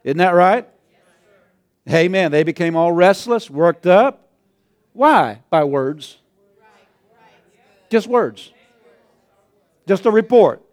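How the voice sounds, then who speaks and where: A man's voice: high-pitched, animated, slow pace, pauses often. A male pastor preaching a sermon, often chuckling and calling out to the congregation. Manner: chuckling, call-and-response.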